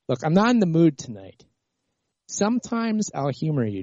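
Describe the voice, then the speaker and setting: Male stream host, exasperated and ranting, mellow dark tone, dry muffled mic. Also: on the high side, sing-song, normal speed, dry recording. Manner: exasperated, rants with many restarts. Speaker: livestream host. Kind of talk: heated political call-in argument, then rambling monologue.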